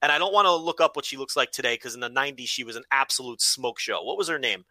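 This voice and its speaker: Excitable bright-voiced man chatting. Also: medium pitch, quick pace. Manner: excitable, crude, animated. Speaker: podcast co-host. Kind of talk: casual chat.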